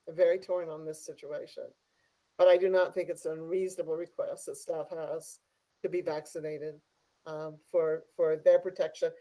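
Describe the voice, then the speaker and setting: A school district leader speaking at a virtual board meeting in a measured, hesitant way with many fillers, over a video call. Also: medium pitch, mellow, rough recording.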